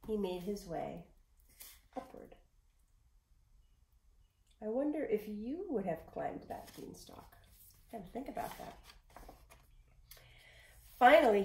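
Woman reading a kids story out loud, expressive, whispers bits, echoey room. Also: mid-range voice. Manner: expressive, dips to whispers, talks to the listener. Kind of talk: storybook read-aloud.

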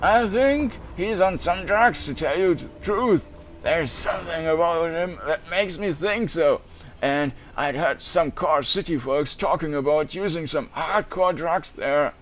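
A man voicing a friendly, chubby bearded shopkeeper in a video game, with a raspy voice that turns thin and breathy when it rises, coughing between lines. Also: on the high side, measured pace, fairly bright tone, a little hiss or hum.

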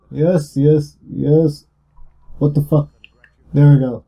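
A young man narrates his gameplay in a loose, rambling way, peppered with swearing. His voice sits slightly high yet sounds dark and mellow, and he talks at an unhurried, slow pace, with an energetic, louder-than-usual push. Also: vocal fry, slightly rough. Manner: rambling and heavily profane. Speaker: gaming YouTuber. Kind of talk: casual gameplay commentary.

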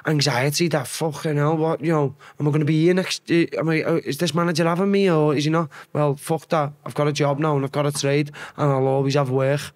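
A man's voice: a little high, a little fast, hardly any pauses. A young Scouse man from Liverpool, a former footballer telling stories as a podcast guest in casual, swear-heavy chat. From Liverpool, England. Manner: swearing, animated storyteller. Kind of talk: casual storytelling.

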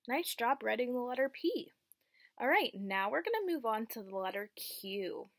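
Young woman teacher doing a phonics lesson for little kids, slow and patient, kinda high voice with a bit of fry. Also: big pitch swings, dry recording, studio quality. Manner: slow, encouraging, call-and-response with children.

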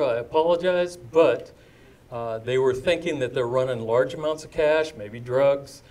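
A man's voice: medium pitch, darkish tone. An older man telling a story to a live audience, chatty and digressive, with asides to the crowd. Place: indoor event before a live audience.

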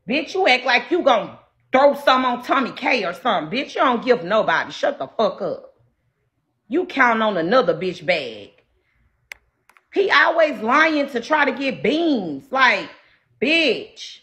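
A combative woman livestreamer tears into her chat in a loud, profane rant. Her voice sits high and sounds bright and sharp. Her pitch swoops all over the place as she talks. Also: big pitch swings, unhurried. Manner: brash and profane. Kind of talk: ranting to live chat.

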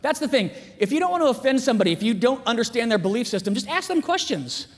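A middle-aged man giving a storytelling talk in a school chapel, acting out the dialogue in lively character voices. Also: very high voice, quick pace. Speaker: chapel speaker. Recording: echoey hall with long reverb.

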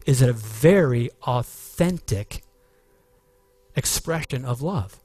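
Male pastor preaching a sermon, slow and deliberate delivery, earnest emphasis, dry close sound. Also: fairly high pitch, sing-song, a little mellow, no room sound.

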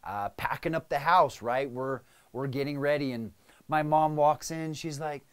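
A man's voice: fairly high pitch, moderate pace, fairly bright tone, smooth. Chatty male coach with check-ins. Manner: conversational, frequent "right?" and "okay?" check-ins. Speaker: business coach. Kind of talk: casual talk to camera.

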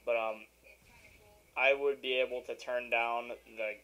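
A man's voice: medium pitch, fairly even intonation, slow pace, sharp tone, low-quality recording. A young man giving casual, rambling commentary over his own gameplay at home, with easy irritation and sarcastic asides. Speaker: gaming video commentator. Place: at home by his game console.

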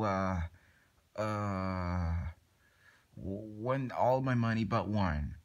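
A man's voice: fairly low pitch, drawn-out words, pauses often. Rambling young man voicing a toy skit. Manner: rambling, many fillers and restarts. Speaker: plush toy video maker. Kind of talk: improvised toy skit, doing all voices.

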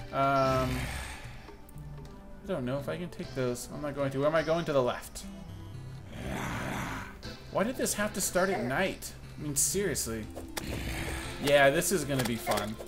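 A young man commenting casually as he plays a video game, excitable and self-mocking, with sudden loud outbursts. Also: a little high. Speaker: gaming channel host. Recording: faint music behind the voice.

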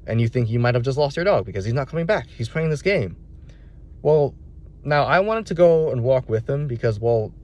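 A man's voice: medium pitch, a little mellow. A young adult man, a dog trainer, telling a story in a casual vlog, rambling and candid with many restarts.

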